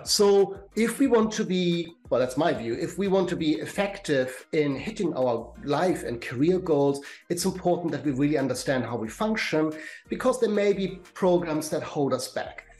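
A middle-aged man with a German accent, a career and life coach being interviewed on a podcast, explaining in a measured way with some hesitant fillers. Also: a little high, expressive, darkish tone.

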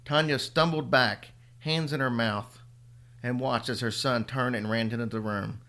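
A man's voice: mid-range voice, measured pace, sharp tone. Man reading a horror story. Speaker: podcast host and story reader.

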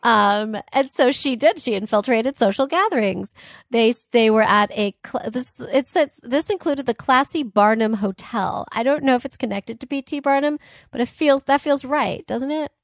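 A woman's voice: a little high, moderate pace, dry recording. A woman co-hosting a podcast, telling a history story in a casual, joking way with fillers and asides. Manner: chatty, jokey, fillers and asides. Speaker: podcast co-host.

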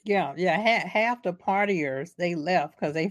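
A woman's voice: on the low side, unhurried. A woman in a casual movie recap chat, talking animatedly and acting out the characters' lines.

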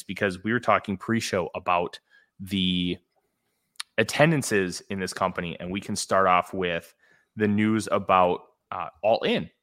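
A man's voice: lowish voice, a bit bright. A man hosting a podcast interview, talking casually with frequent fillers and restarts. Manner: conversational, hesitant with fillers. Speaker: podcast host.

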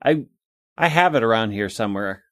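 A man's voice: on the low side, animated, fairly quick, a bit bright, no echo, studio quality. A man co-hosting a casual podcast, joking in a wry, mock-offended way. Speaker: podcast co-host. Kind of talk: casual chat.

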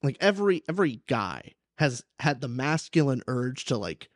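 A man's voice: medium pitch, moderate pace, no echo, studio quality. A young man hosting a podcast, chatting animatedly about a book and acting out voices as he talks. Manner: animated, acts out quoted characters. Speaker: podcast host. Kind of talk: casual book discussion.

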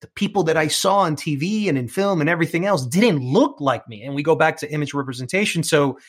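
A man's voice: a little high, animated, fast talker, breathy edge. A middle-aged man with a New York accent, telling his career story as an interview guest, earnest and prone to repeating words as he starts a thought. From New York, United States. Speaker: TV presenter and film critic as interview guest.

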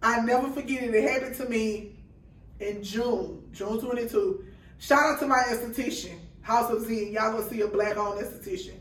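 A woman's voice: fairly high pitch, steady tone, normal speed, recorded from a distance. A woman guest on a podcast, telling a story in casual chat and acting out the dialogue with quoted voices. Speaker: guest, food truck owner. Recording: roomy sound from off-mic.

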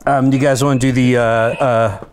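A man's voice: mid-range voice, flat delivery, normal speed, smooth. A man hosting a comedy podcast, upbeat as he runs party games and scores the players. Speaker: host.

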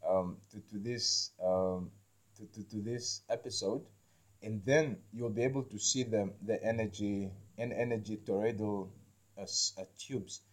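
A man hosting an episode, talking loosely about spiritual healing with lots of restarts and a habit of asking whether you understand him. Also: on the low side. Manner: halting, repeats words, keeps asking "you understand me?"; slangy, says "man" and "like" a lot. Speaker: podcast host. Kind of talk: rambling spiritual talk.

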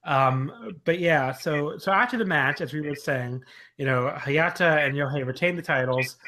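A man's voice: a little high, moderate pace, pushed and bright, rough recording. A man co-hosting a casual wrestling podcast, rambling with many fillers and self-corrections. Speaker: podcast co-host.

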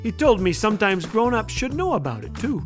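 A man's voice: sits high, sing-song, fairly quick, music in the background. A man hosting a humor show, reading his own children's story aloud with a playful, jokey delivery. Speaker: host and storyteller.

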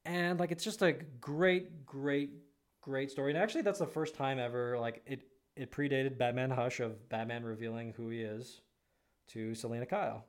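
A man's voice: mid-range voice, fairly even intonation, normal speed. A man co-hosting a podcast in casual chat, rambling with lots of fillers. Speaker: podcast co-host.

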